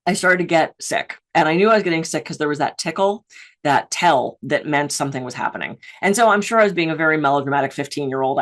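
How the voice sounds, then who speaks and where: A woman's voice: sits low, fairly bright tone. A woman from the Pittsburgh area giving a keynote on stress, telling personal anecdotes with playful, self-mocking humor. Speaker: keynote speaker on stress management.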